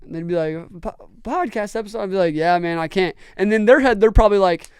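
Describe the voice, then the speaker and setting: An earnest young man tells stories in a casual podcast chat, often restarting his sentences. His voice is very smooth and resonant, with a slightly high pitch. It sounds dry and close to the mic. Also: fast talker, dry recording. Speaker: podcast host and brand owner.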